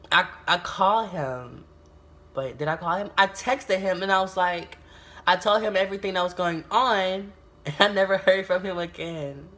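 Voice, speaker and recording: A young adult woman from the United States tells a storytime vlog in a casual, animated way, swearing often and exclaiming a lot. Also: fairly low pitch. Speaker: YouTuber.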